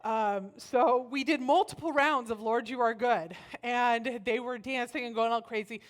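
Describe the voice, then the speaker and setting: A woman speaks to a church gathering, telling a personal story in a fairly high voice. She is animated throughout and acts out the lines of the people she quotes. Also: unhurried.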